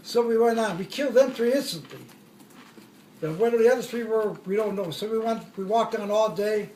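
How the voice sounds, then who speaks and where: A man's voice: sits high, normal speed, darkish tone, echoey room, far from the mic, a little hiss or hum. An older man, a war veteran, tells his stories in a rambling way, correcting himself as he goes and chuckling at his own jokes. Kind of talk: oral history storytelling.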